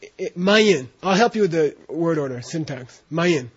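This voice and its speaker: A man's voice: a little high, lively intonation, moderate pace, breathy edge. A man teaching a class, often checking in with his students as he explains, in a dull lo-fi recording of a classroom. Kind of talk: classroom instruction.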